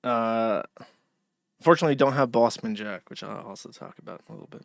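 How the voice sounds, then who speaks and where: A man's voice: mid-range voice, expressive, quick pace, creaky, pushed and bright, no room sound, studio quality. A man hosting a live stream, delivering sardonic and profane commentary. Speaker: streamer host.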